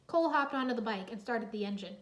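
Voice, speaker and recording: A woman narrating a children's adventure story in a lively, expressive read-aloud. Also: fairly high pitch, fast.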